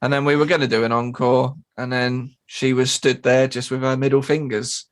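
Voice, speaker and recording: A man co-hosting a podcast, telling a gig story in casual chat, swearing and mimicking people in high squeaky voices. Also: flat delivery, normal speed. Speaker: podcast co-host and drummer.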